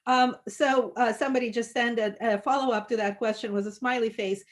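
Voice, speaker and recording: A woman leading an online book discussion, talking with lively enthusiasm, laughing often and filling pauses with "like" and "um". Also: a little high. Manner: lively and animated, laughing often, many fillers. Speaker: discussion leader.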